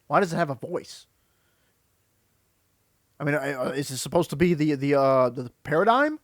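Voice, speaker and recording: A man's voice: a little high, animated, moderate pace, dry recording, studio quality. A man giving critical, exasperated reaction commentary that rambles and restarts. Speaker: video commentator.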